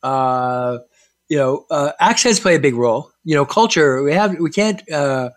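Male co-host, chatty storyteller, higher register, dry mic. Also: moderate pace, no room sound. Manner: animated storyteller, many fillers and restarts. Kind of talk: casual conversation.

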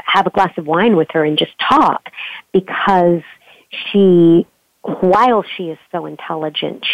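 A woman voice coach being interviewed, talking expressively and sometimes showing pitch changes with her own voice. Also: no room sound, muffled recording. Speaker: voice coach guest. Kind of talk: remote interview conversation.

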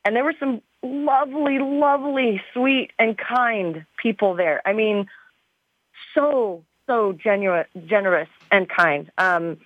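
A woman's voice: a little high, slow pace, dry recording. Chatty woman on a tinny phone line. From Arizona, USA. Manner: bubbly and chatty, with frequent fillers. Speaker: guest, TV show star. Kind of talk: casual interview chat.

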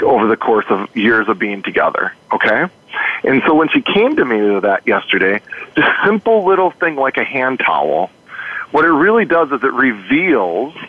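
A man's voice: mid-range voice, dry recording. A man speaking as a life coach in an interview, earnest, telling a client story with many rhetorical questions and repeated words. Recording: phone-like narrow sound.

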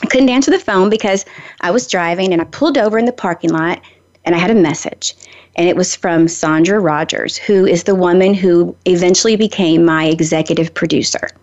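A middle-aged woman from Nashville with a Southern accent, hosting a radio show and telling stories in a talkative, animated way. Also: fairly low pitch, brisk, highs cut off. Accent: Southern American. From Nashville, Tennessee. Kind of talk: chatty radio monologue.

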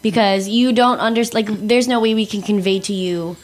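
A teenage girl co-hosting a casual radio talk show, chatty and relaxed, with lots of fillers. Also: mid-range voice, moderate pace. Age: teens.

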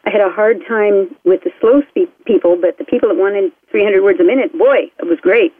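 A woman hosting a talk show, speaking fast and eagerly. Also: medium pitch, dry recording. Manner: fast-talking and enthusiastic. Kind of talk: casual talk-radio chat. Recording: tinny phone line, dry.

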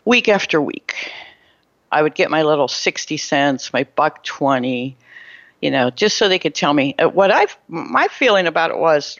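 A middle-aged woman tells her own story with a lower-than-usual voice that swings widely in pitch. She often stumbles, restarts and repeats words as she goes. The sound is dull and lo-fi, with a dry, close feel. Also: lively intonation, moderate pace, fairly bright tone, no room sound. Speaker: spiritual storyteller. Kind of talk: personal storytelling monologue.

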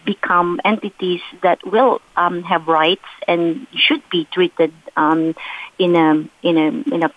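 A woman's voice: lowish voice, fairly even intonation, slow, narrow, tinny audio. A woman design executive on a panel, speaking hesitantly over a remote call. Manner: hesitant, many fillers and restarts. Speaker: chief design officer, panel guest. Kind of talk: panel discussion.

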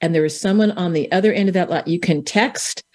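A woman hosts an interview and asks her questions gently and encouragingly. Her voice is fairly low for a woman. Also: fairly quick.

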